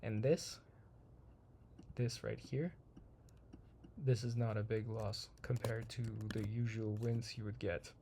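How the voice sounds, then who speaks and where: Man, trading-channel host, slightly hoarse, dark gravelly tone, rambling delivery. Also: on the low side, fairly even intonation, slow pace, long pauses, a little hiss or hum. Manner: rambling, repeats himself, many ums. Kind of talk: casual chart walkthrough.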